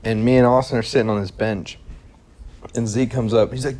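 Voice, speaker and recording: A man co-hosting a casual podcast, telling a long story with lively acted-out quotes and plenty of swearing. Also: mid-range voice, a little fast. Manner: animated storyteller who swears freely and acts out quotes. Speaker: podcast co-host.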